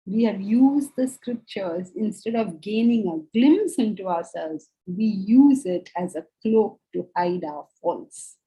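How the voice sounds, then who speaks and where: A woman teaches a spiritual class in a mellow, warm voice. She speaks earnestly and with animation, slipping into the quoted voices of her examples. Her pitch sits in an ordinary middle range. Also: slow pace, few pauses, rough recording. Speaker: Vedanta teacher. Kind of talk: spiritual discourse lecture.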